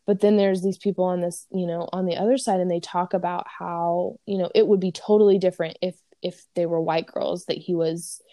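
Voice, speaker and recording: A woman co-hosting a podcast, chatting casually and telling animated stories. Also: lowish voice, fairly quick, few pauses, no room sound, studio quality. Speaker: podcast co-host. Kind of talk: casual chat.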